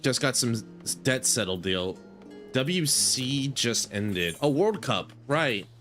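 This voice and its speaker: A man's voice: mid-range voice, expressive, slow pace, fairly bright tone. A male game streamer chatting loosely to his viewers, his voice rising and falling a lot as he rambles. He keeps correcting himself mid-sentence and talking straight to chat. Faint guitar music plays under him. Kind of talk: casual gaming stream chat.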